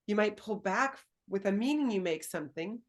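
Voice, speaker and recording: A woman coach in an easygoing conversation, her voice sitting at an ordinary middle pitch. She talks reflectively, pausing to find the right words and laughing lightly along the way. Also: lively intonation. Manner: thoughtful, searching for words, gently laughing. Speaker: dating and embodiment coach, host. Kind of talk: casual conversational interview.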